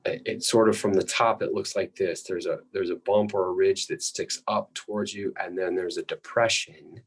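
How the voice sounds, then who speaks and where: A male lecturer explaining anatomy patiently while drawing, often clearing his throat. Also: sits low, fairly even intonation, normal speed, rough recording.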